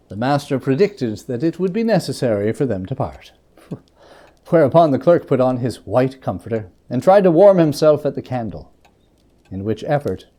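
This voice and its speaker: A man giving a dramatic reading of a classic novel, telling it with an expressive, varied storytelling delivery. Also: medium pitch. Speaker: reader.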